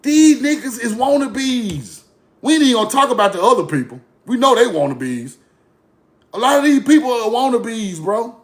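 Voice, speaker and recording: A man's voice: very high voice, sing-song, fairly quick, fairly bright tone. A man ranting casually to his online audience, blunt, profane and mocking, repeating himself for effect. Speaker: online commentator. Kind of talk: casual rant to camera.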